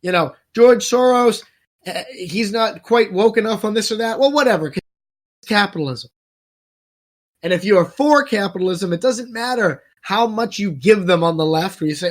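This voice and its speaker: A high-voiced man in a heated podcast rant, stammering and cursing as his anger builds. His voice sits well above the usual male range and stays fired up. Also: lively intonation, normal speed. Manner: ranting, swears a lot, stammers when angry. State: worked up, spitting mad. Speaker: podcast co-host.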